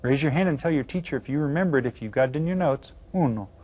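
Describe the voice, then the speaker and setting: A man's voice: on the high side, a little mellow. Upbeat man teaching Spanish to children. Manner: upbeat, cues students with counts, slow careful Spanish words. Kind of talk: recorded classroom video lesson for children.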